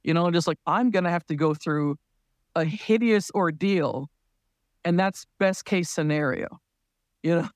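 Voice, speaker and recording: Man, slightly high voice, podcast guest, casual storytelling, laughs often, dry close sound. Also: unhurried, no echo. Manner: laughs often while telling a grim story. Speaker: parent.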